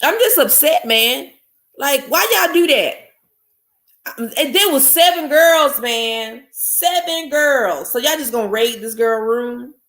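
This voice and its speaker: A woman's voice: high voice, animated, takes it slowly, a bit bright. A woman hosting a live stream, ranting angrily and bluntly with profanity while greeting chat viewers. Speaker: podcast host. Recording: echoey room.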